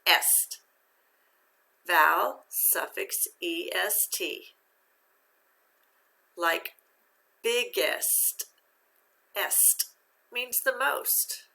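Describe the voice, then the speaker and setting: A woman's voice: medium pitch, animated, drawn-out words, creaky, long pauses, sharp tone. A middle-aged woman teaching a phonics lesson to young children, patient and encouraging, asking questions and praising the answers.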